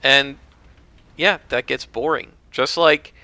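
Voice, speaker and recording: Opinionated male podcast host, bright cutting tone, dry sound. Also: medium pitch, moderate pace, creaky, no room sound. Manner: rambling, opinionated. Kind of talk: casual solo commentary.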